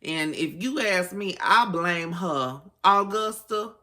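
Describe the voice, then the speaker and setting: Brief: woman, bright tone, low-set voice, sassy true-crime bedtime storyteller. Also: slow. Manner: sassy, chatty, side-eyeing asides. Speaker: storyteller host.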